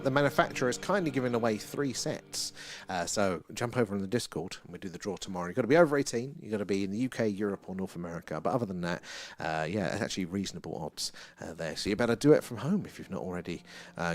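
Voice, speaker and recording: A British man hosting a live sky-watching stream, chatting casually, answering viewer comments and laughing often. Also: fairly low pitch. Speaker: livestream host.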